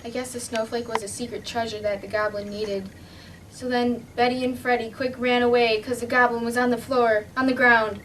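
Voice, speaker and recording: Brief: high-pitched girl storyteller, playful and dramatic, distant mic, faint hum. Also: level tone, normal speed. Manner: playful, dramatic, with shouted sound effects. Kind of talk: improvised storytelling.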